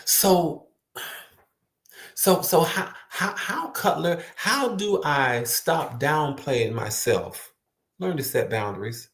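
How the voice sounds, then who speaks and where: A man's voice: a little high, expressive, slow pace, fairly bright tone. Emphatic man giving motivational talk, roomy. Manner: earnest and emphatic, repeats words for stress. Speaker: motivational speaker. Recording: roomy echo.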